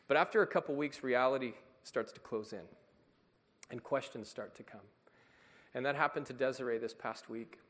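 A man's voice: mid-range voice, fairly bright tone. A man preaching a sermon as a pastor, in an earnest, emphatic way. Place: church sanctuary. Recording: long reverb of a church hall.

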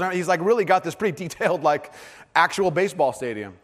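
A man in his thirties preaches with an earnest, fairly high voice. He drops to a hush for the heavy moments and turns animated when he tells a story. The sound rings with the long reverb of a large hall. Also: fast talker. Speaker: pastor. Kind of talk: sermon.

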